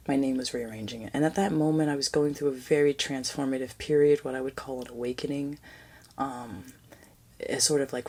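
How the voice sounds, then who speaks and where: A woman's voice: sits low, vocal fry, a little mellow, slightly rough. A woman hosting a podcast, telling a personal story in a rambling, reflective way that often drops to near-whispers. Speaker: podcast host.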